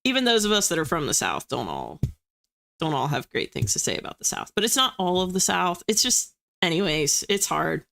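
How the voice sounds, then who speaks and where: A woman's voice: lowish voice, big pitch swings, fairly quick, gravelly, a bit bright. A young woman from the US East Coast, hosting a livestream and chatting casually with viewers in a self-deprecating way. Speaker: livestream host. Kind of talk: casual chat reading viewer comments.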